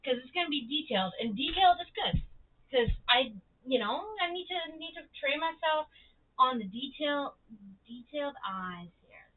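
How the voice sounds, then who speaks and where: A woman's voice: sits high, lively intonation, moderate pace, narrow, tinny audio. A young woman hosting a livestream, chatting casually and animatedly, swearing freely and acting out the voices of people in her stories. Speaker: livestream host.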